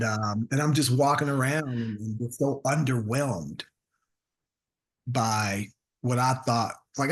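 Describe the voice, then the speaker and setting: A man, a comedian, telling a self-deprecating story in conversation and acting out the voices of the people in it. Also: mid-range voice. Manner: animated, acts out voices of people in his stories. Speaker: comedian guest.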